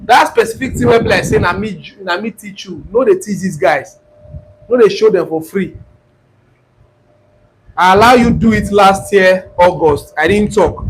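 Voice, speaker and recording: A Nigerian man with a fairly high voice talks through a clip-on mic near his throat as he hosts a casual live class on trading. He chats and teases, sliding between Pidgin and English, with faint wind noise on the mic behind him. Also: poor audio. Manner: chatty, mixing Pidgin and English, teasing viewers. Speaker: forex trading class host.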